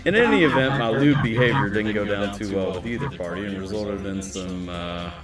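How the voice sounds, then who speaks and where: A man's voice: lowish voice, brisk. A man reading a scary story aloud on a livestream, chatty and breaking off to talk to his viewers. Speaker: streamer. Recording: roomy echo, distant mic, music behind.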